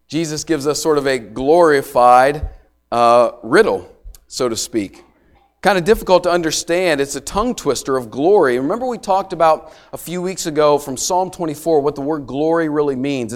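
Man preaching a conversational sermon. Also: a little high. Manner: conversational teaching, checks in with listeners; slows and drops quiet on key phrases. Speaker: pastor.

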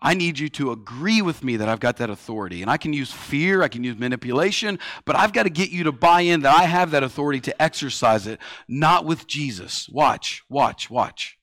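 A man in his thirties delivers a sermon with a slightly higher voice than most men. He moves between raised, urgent lines and quiet, hushed ones as he tells his stories. The recording is close and dry, with almost no room sound. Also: lively intonation, brisk, few pauses, dry recording. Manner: storytelling preacher, swings from loud to hushed. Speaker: pastor.

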